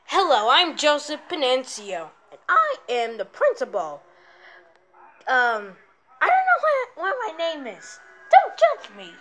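A man's voice: very high voice, wildly swooping pitch, unhurried, bright, forceful tone, a little hiss or hum, full character voice. A young man voicing a goofy, forgetful male school principal in an amateur plush puppet skit. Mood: bumbling. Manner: bumbling, rambling.

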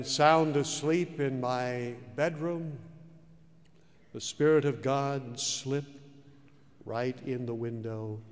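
Slow, dramatic male preacher in a hall. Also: mid-range voice. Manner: slow, dramatic preaching with wide swings between loud and hushed. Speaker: pastor. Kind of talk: sermon. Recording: hall reverb.

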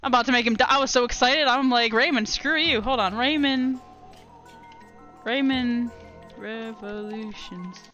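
A young woman streaming a video game at night, chatting casually with viewers, laughing often and reacting with animated excitement. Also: a little high, unhurried, long pauses, dull audio, faint music behind. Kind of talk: casual gameplay commentary.

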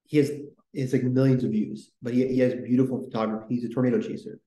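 A man's voice: medium pitch, little pitch movement, fast talker, mellow. Rambling enthusiastic man in a roomy room. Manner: rambling, enthusiastic, full of fillers. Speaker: podcast host. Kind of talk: casual history podcast chat.

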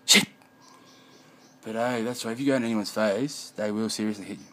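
A man's voice: fairly low pitch, brisk, fairly bright tone, slight background noise, rough recording. A man rambling in a profane vlog monologue at home, often mumbling.

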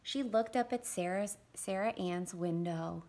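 A woman reading a picture book aloud to young children as a visiting parent, in an animated, expressive way. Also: medium pitch, unhurried. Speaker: parent community reader.

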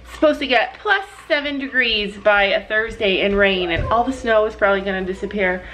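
A woman's voice: medium pitch, brisk, a bit bright. A middle-aged Canadian woman chatting casually in a family vlog, explaining things in a motherly way. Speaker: vlogger mom.

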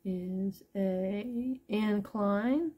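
Drawing out her words in a mellow, medium-pitched voice with a gravelly, husky edge, a woman runs a casual live sales chat. She's an online jewelry seller who talks to her viewers and names the price of each piece one by one.

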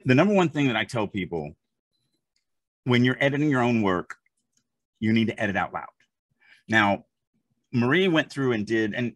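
A man's voice: on the low side, dry recording. A man co-hosting a podcast, chatting casually in an emphatic, rambling way full of asides. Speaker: podcast co-host. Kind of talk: casual chat.

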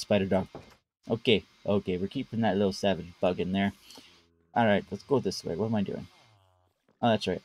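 A man's voice: fairly low pitch, breathy edge. A man streaming a game live, chatting casually, talking to the animals and using playful broken grammar. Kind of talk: live gameplay commentary.

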